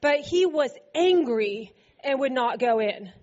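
A woman's voice: high voice, expressive, measured pace, darkish tone, muffled recording. A woman preaching a sermon to a congregation, playful and laughing often as she acts out scripture quotes. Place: church service before a congregation.

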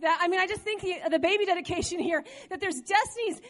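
A middle-aged woman pastor preaching a sermon in a church, dramatic and animated, acting out quoted voices. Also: very high voice, quick pace, few pauses.

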